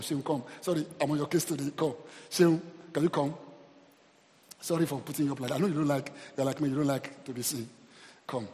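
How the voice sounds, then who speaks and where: A man preaching a sermon as pastor, calling out praise and exclamations to the congregation. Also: fairly high pitch. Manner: preaching with call-and-response exclamations. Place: church hall. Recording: long hall reverb.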